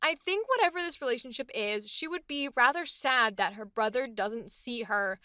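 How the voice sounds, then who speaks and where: A woman's voice: on the high side, expressive, normal speed, bright, forceful tone, clear, resonant tone, no room sound, studio quality. A woman voice actress chatting enthusiastically about a character she is voicing. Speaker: voice actress hosting a character series. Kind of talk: casual chat.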